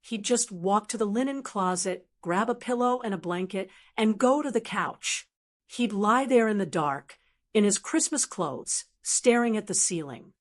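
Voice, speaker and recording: An older woman reading a first-person story in a measured, reflective way. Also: mid-range voice, animated. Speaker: narrator.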